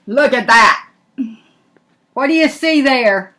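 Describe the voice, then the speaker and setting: An older woman, a grandmother, reading a picture book aloud in an animated way and asking the listener questions. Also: high-pitched. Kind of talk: storybook read-aloud.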